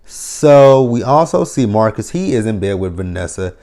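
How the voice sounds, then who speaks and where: A man with a fairly low voice runs through a TV episode in a loose, chatty recap. He is sarcastic and swears freely as he comments on each scene. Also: sing-song, moderate pace, mellow. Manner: sarcastic, profane running commentary. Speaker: TV episode reviewer.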